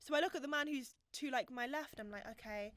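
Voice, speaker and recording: A young woman, co-hosting a casual podcast chat and telling stories in an animated, giggly way. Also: sits high, fast talker, dry recording. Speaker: podcast co-host.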